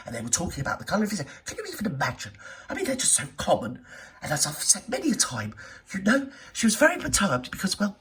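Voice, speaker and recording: A woman's voice: mid-range voice, wildly swooping pitch, fast talker, a bit bright, recorded from a distance. A woman hosting a reaction video with camp, theatrical, sarcastic comedy commentary.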